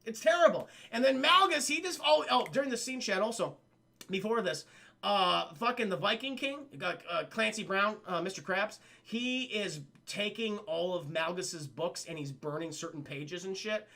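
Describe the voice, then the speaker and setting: A man casually recapping a cartoon episode for a live chat, animated and full of swearing. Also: high voice, moderate pace. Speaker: cartoon reviewer streaming to chat.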